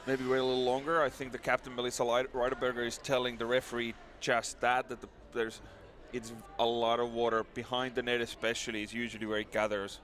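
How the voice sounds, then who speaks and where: A man's voice: medium pitch, fast talker, hardly any pauses. A man giving live ice hockey color commentary from the gantry, bantering and laughing. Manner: lively, laughs a lot, banter.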